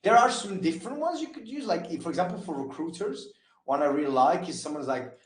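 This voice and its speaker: A man's voice: on the high side, lively intonation, roomy sound, poor audio. A man running a casual sales training session, talking loosely with lots of fillers and restarts. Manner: casual, talks fast with many fillers and restarts. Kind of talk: live training session on a call.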